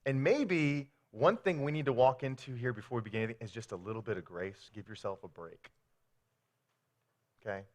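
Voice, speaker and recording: A man's voice: medium pitch, brisk. A man preaching a sermon as pastor, telling stories with playful acted quotes.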